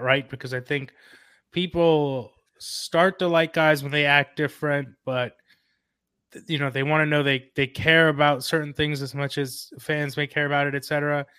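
A man guesting on a sports podcast as a writer, relaxed and easygoing, hedging with fillers. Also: on the high side, moderate pace, smooth, no echo, clean studio sound. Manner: laughs easily, hedging with fillers. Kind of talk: casual podcast interview.

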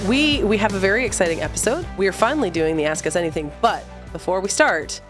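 A woman hosting a parenting podcast, talking in a lively, quick and joking way. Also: mid-range voice, faint music behind. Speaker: podcast host. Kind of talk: casual chat.

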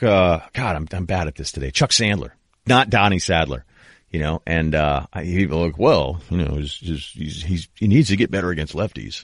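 A man's voice: sits low, expressive, fast talker, dry recording, clean studio sound. A man in his thirties hosting a sports podcast, telling stories in a rambling, casual way full of fillers and restarts. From New England. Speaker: podcast host.

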